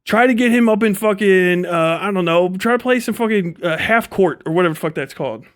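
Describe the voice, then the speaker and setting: High-voiced man ranting profanely on stream. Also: animated, fairly quick, clear, resonant tone. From Ohio, USA. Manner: swears constantly, laughs at his own jokes. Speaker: livestreamer. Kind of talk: profane live-stream rant.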